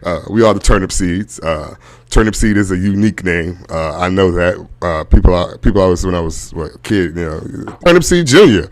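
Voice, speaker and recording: A middle-aged man with a deep voice, telling stand-up stories about his family. He speaks at an easy, laid-back pace and often laughs at his own punchlines. He is heard over a video call. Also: steady tone, a little fast, a little mellow. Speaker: stand-up comedian.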